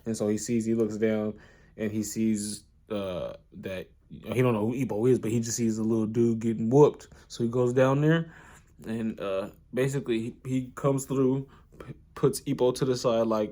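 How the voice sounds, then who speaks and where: A young man retells a story in a relaxed, rambling way, stacking restarts and street slang. His voice sits at an ordinary pitch for a man. He keeps it conversational and animated. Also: normal speed. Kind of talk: casual retelling of an anime.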